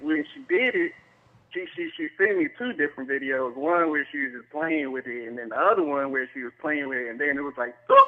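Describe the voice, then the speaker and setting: A male caller on a phone-in show who talks in a put-on, odd-sounding accent, halting and laughing easily. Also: fairly high pitch. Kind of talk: phone-in call. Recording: tinny phone line.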